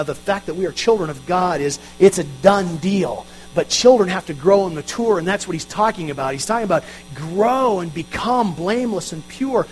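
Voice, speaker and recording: A man's voice: sits high, poor audio. A male pastor preaching a sermon, earnest and emphatic, with self-deprecating asides. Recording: faint mains hum.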